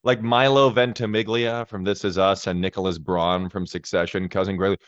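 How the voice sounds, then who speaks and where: A young man in his twenties, a comedian chatting as a podcast guest and explaining his craft quickly. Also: sits low, steady tone, smooth, no room sound. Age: 20s. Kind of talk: casual podcast chat. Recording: dry, slightly dull sound.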